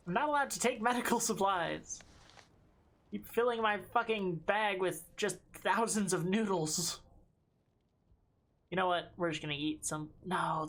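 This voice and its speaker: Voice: medium pitch, fairly bright tone. A streamer giving live gameplay commentary, talking to themself and to chat and swearing freely.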